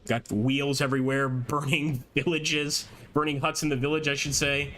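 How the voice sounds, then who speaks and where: A man giving chatty, excited live commentary on a strategy war game, reading chat aloud and laughing often. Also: medium pitch, normal speed. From American. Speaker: gameplay streamer.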